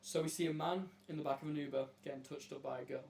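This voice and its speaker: A brash man with a slightly high voice talks in a casual, mock-serious way, weighing strangers' stories like a judge. A faint hum runs underneath the recording. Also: fairly even intonation, fast talker, gravelly, a little mellow. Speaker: host asking strangers on a video chat app. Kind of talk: casual joking commentary.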